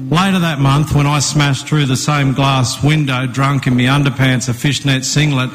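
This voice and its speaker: An older man with an Australian accent telling a rambling comic story in a dry, deadpan way. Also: mid-range voice, moderate pace, long reverb tail, over loud music. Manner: dry, rambling yarn-spinning. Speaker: comedic storyteller.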